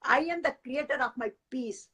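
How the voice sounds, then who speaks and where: A woman teaching and leading a guided meditation, giving gentle step-by-step breathing instructions. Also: high-pitched, slightly rough, rough recording. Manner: slow, gentle guiding instructions.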